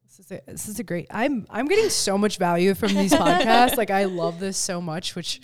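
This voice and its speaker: A woman hosting a casual podcast chat close to the mic, animated and acting out quoted lines. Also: mid-range voice, normal speed. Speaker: podcast host. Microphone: close studio mic.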